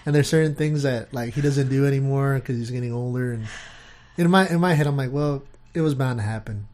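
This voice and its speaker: A man's voice: mid-range voice, fairly quick, darkish tone. A man in his thirties, co-hosting a podcast, telling family stories in a loose way with swearing. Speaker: podcast co-host. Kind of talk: casual chat.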